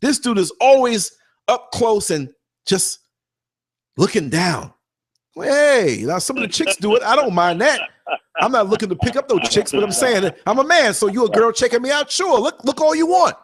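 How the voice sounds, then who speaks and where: A man hosting a podcast who tells a story in a lively, casual way, acting out what people said and repeating himself for emphasis. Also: high-pitched, moderate pace. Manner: animated, acts out quotes, emphatic repeats. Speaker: podcast host and former bus driver.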